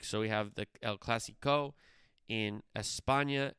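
A man's voice: fairly low pitch, unhurried, smooth, no room sound, studio quality. A man hosting a casual sports talk show, chatting through predictions with fillers and rhetorical questions, getting more emphatic as he lays out his picks. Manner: grows louder and more emphatic when giving picks. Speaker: sports podcast host.

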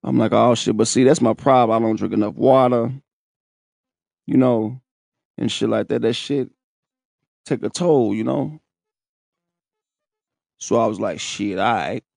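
A man telling his own story in casual, profane, animated talk, laughing and breaking into high shouts. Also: a little slow, gravelly, long pauses, no echo, clean studio sound.

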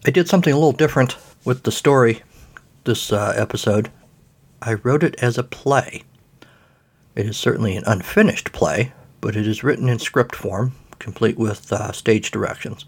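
Man, podcast host, low husky voice, rambling, self-deprecating. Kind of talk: casual podcast talk.

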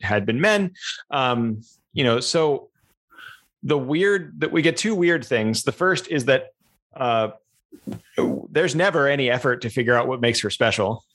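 A man's voice: mid-range voice, a bit bright. A man co-hosting a podcast in casual chat, rambling and thinking aloud with many fillers. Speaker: podcast co-host.

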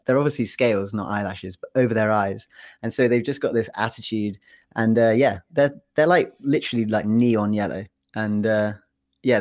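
English man chatting casually as a guest. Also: lowish voice. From England. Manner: relaxed, chatty, many fillers and restarts. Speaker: PhD researcher guest. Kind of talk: casual interview chat.

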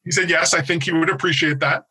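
Casting: American man, 40s, bright tone, animated storyteller in casual podcast talk. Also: fairly high pitch, fast, husky, low-quality recording. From United States. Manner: animated, self-deprecating storyteller. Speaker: podcast co-host.

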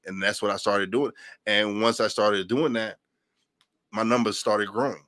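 A man hosting a podcast, talking casually with a cold and acting out his old doubts in a deep radio voice. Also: fairly even intonation, moderate pace, a bit bright, dry recording, studio quality. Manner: storytelling, acts out his own past thoughts. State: has a cold. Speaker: podcast host.

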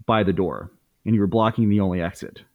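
A man's voice: lowish voice, quick pace, no echo, narrow, tinny audio. A man in his thirties as a podcast guest, candidly telling a story in casual speech, swearing freely with many fillers and restarts.

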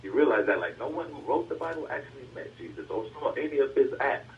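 A man's voice: mid-range voice, sing-song, fast talker, slight background noise. Distant, lo-fi man arguing back. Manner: argumentative, hedging, talks over the other speaker. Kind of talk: casual political argument. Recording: distant, dull, lo-fi.

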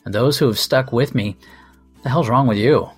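Husky sardonic male podcast host. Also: medium pitch, normal speed, faint music behind. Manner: sardonic, profane, self-deprecating. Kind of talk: casual comedic monologue.

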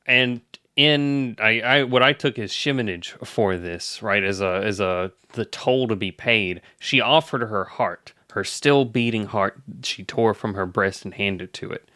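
A man's voice: fairly low pitch, unhurried, sharp tone, smooth, no room sound, clean studio sound. A man co-hosting a podcast who retells a story in a wry, slightly pedantic way. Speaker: podcast co-host. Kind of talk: casual storytelling chat.

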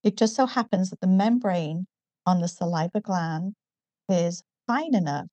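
A middle-aged woman from the northeast of England with a northern English accent softened by years in America, explaining things in a measured way with frequent ums as an interview guest. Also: on the low side, no echo. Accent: northern English, partly American. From Newcastle, northeast England. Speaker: guest, company founder. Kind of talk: casual interview.

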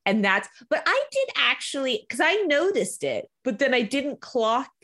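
Ożywiona kobieta w luźnej rozmowie. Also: female voice, high-pitched, normal speed. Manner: animated, acts out characters' lines mid-story. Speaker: podcast co-host. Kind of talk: casual chat about a TV episode.

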